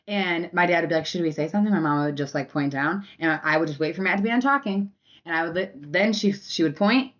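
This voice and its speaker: A young woman hosting a podcast, candidly telling a personal story in a casual way with lots of fillers, now and then shouting out past arguments. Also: on the low side, a little fast, highs cut off. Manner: candid and conversational, full of fillers, acts out past arguments with loud bursts. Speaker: podcast host.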